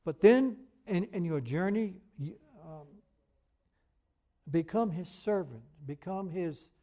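A man preaching a sermon, earnest and emphatic, who reads scripture aloud in a measured cadence. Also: high-pitched, expressive, dark tone. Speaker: pastor.

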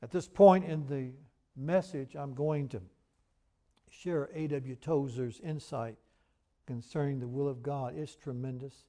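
A man preaching a sermon, earnest and emphatic, who reads scripture aloud in a measured cadence. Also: mid-range voice, mellow. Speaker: pastor.

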